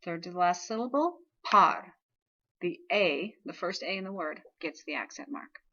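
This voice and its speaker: A woman's voice: mid-range voice, fairly bright tone, muffled recording. A woman teaching a recorded video lesson, explaining patiently and checking in with frequent "okay?". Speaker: Spanish teacher.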